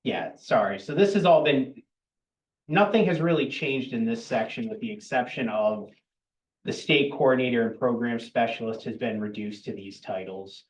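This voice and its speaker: A man's voice: mid-range voice, normal speed. Man explaining rules in an echoey meeting room. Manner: plain, matter-of-fact, with dry asides. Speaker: town planning staff presenting at a board meeting. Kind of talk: explaining regulations at a public meeting. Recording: roomy, distant public-meeting recording.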